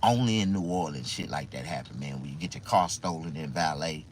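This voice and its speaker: A man's voice: rumbling low, fairly quick, a little hiss or hum. A man telling a rambling personal story in a casual, profane way, laughing often and repeating himself.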